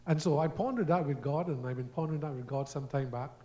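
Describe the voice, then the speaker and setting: A man's voice: fairly high pitch, fast, dark tone. A man with a slightly raised voice preaches to a congregation. He tells everyday stories to make his point and acts out the voices in them, sometimes stumbling over repeated words. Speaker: guest preacher. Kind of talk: sermon teaching.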